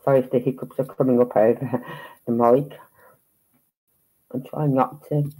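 A man's voice: medium pitch, flat delivery, measured pace, dark tone, rough recording. A man hosting a casual livestream, rambling and stopping mid-thought while he sorts out his screen. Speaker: livestream host. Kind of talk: casual chat about a case.

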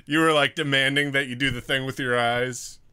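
A man's voice: medium pitch, fairly even intonation, a little fast, sharp tone, clean tone. A man co-hosting a stream in casual chat, laid-back and joking. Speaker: stream co-host.

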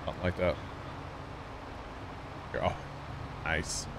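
A man's voice: deep voice, little pitch movement, slow pace, noisy background. A man with a Midwestern accent streaming a game, chatting casually with his viewers in a rambling way full of fillers. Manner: rambling, chatty, talks to chat with many fillers. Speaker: gaming streamer. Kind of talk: casual livestream chat while playing.

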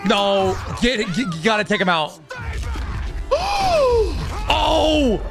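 A young man doing let's play commentary, with loud, swearing, frustrated outbursts at the game. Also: high voice, normal speed, loud music behind the voice. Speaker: gaming YouTuber.

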